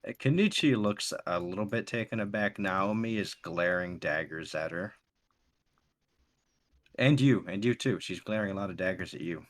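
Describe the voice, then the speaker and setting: Deep-voiced man narrating a tabletop game. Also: moderate pace. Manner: calm descriptive narration with voiced characters. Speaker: game master.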